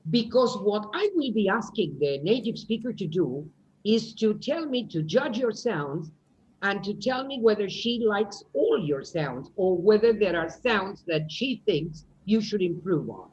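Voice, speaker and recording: Lively British teacher on a call. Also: female voice, medium pitch, measured pace, a little hiss or hum. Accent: British English. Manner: corrective, explanatory. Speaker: English phonetics teacher. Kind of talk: online class teaching. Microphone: video call. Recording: dull lo-fi video call audio.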